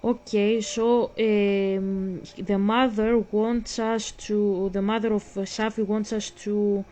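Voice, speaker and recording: A woman's voice: medium pitch, flat delivery, takes it slowly, mellow. A woman gaming vlogger who gives blunt, ranting commentary and swears freely. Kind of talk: casual commentary while playing a game.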